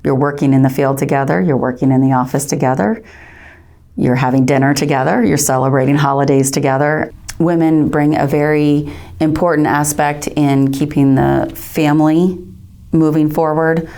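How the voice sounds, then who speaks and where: A woman speaking in a documentary interview about women in farming, in a measured, explanatory way. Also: deep voice, little pitch movement, warm tone.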